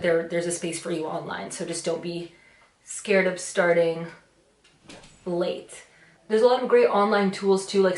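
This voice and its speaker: In her twenties, this woman talks her way through a get-ready-with-me video, wandering and thoughtful, leaning hard on "like" and "you know." Her lowish voice is captured by a camera mic, and the room echoes.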